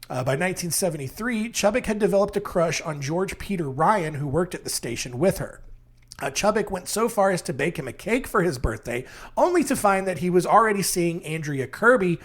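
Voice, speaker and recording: A man hosting a podcast, telling a true story casually with many fillers and wry asides. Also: high-pitched. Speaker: podcast host.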